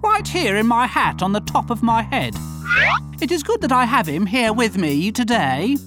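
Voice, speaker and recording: A woman's voice: a little high, very animated, moderate pace, music in the background. A woman voicing a mischievous male cat in a tall hat in a storybook, talking in a boastful, playful sing-song way.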